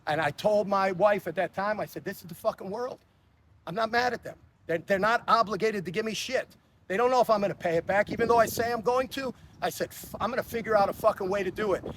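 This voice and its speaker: A man in his sixties with a fairly high voice. He talks bluntly and swears often. He stumbles over repeated words as he tells his stories in a casual interview, with a faint hum of noise behind him. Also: fast, fairly bright tone. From Chicago. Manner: blunt, profane, frequent stammered restarts. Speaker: interview guest.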